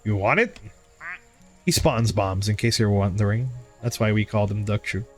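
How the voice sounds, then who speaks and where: A man's voice: fairly low pitch, moderate pace, soft background music. A man hosting a livestream and chatting candidly with viewers, swearing freely and being hard on himself. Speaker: livestream host. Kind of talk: casual stream chat.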